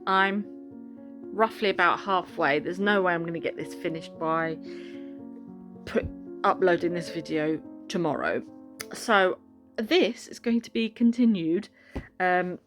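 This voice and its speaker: A woman's voice: lowish voice, a little slow, long pauses, a bit bright, faint music behind. A woman vlogging casually to camera about a book she is reading, chatty and rambling, often correcting herself mid-sentence.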